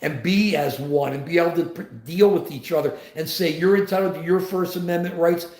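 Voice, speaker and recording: Impassioned older man, high voice, roomy echo. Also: brisk, a little mellow. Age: 70s. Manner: impassioned, rambling with restarts. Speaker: host. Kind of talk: political commentary on a live show.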